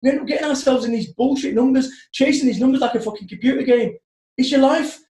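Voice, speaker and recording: A man's voice: very high voice, fast, echoey room. A man in his forties, a motivational speaker, telling stories bluntly and with plenty of swearing. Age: 40s. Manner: blunt, sweary, animated storytelling. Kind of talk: podcast conversation.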